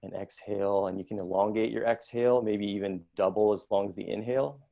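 A middle-aged male therapist leads an online workshop in a slightly low voice with vocal fry, speaking in a calm, measured, explanatory way. The high frequencies are cut off.

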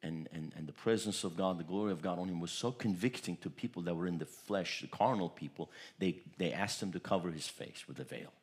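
A pastor from Turkey preaching a sermon, telling stories animatedly and often repeating words. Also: male voice, sits low, a little fast, hardly any pauses. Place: church.

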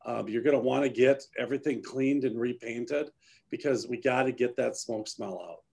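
Guy hosting a chat, mid pitch, ranting hard, repeats stuff for emphasis. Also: steady tone, moderate pace, vocal fry, a little mellow, husky. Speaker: host. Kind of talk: casual chat.

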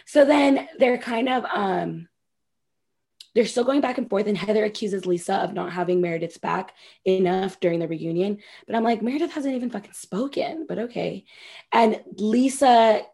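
A podcast co-host with a mid-range, gravelly, slightly rough voice talks at normal speed. She recaps a reality show in casual, profane, gossipy chat, animatedly acting out the cast members' lines.

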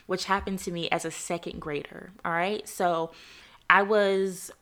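Young woman, podcast host, earnest and emotional, near tears, fairly low voice. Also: level tone, measured pace, a bit bright. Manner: earnest, emotional, addresses listeners as y'all. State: close to tears. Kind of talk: heartfelt faith podcast monologue.

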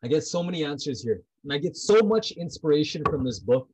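A man's voice: fairly high pitch, sing-song, brisk, a little mellow, a little hiss or hum, rough recording. A man talking about prayer in a heartfelt, personal way. He is intense and blunt, repeats himself, and swears freely.

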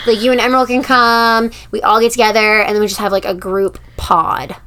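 A woman's voice: on the high side, level tone, fairly quick, sharp tone, slight background noise. A woman co-hosting a podcast, teasing and giggly in casual chat. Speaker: podcast co-host.

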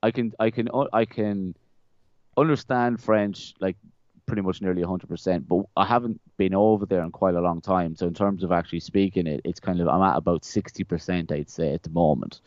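An Irish young man, guesting on a podcast, tells stories in a loose, rambling manner, often repeating words and laughing. His deep voice is steady, a little fast and slightly mellow. The close-mic sound is dry and a touch dull.

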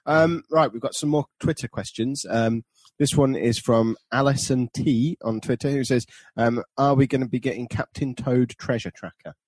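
Husky man in casual banter. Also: medium pitch, steady tone, normal speed, darkish tone, dry recording. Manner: wry, joking asides. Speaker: podcast co-host. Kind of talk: casual chat.

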